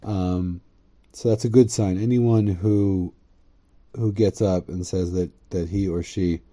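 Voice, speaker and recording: A man giving a casual, rambling Torah lesson, reading Hebrew text aloud, translating it, and joking along the way. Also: slow pace. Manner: rambling, joking asides, frequent "right?"; bursts into excited high-pitched quoted voices. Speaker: teacher.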